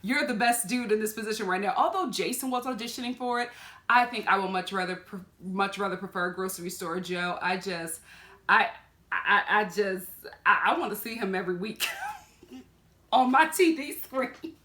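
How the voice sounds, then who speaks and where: A woman vlogger giving a casual, animated review of a TV show, laughing often and jumping into high exclaims. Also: normal speed, reverberant.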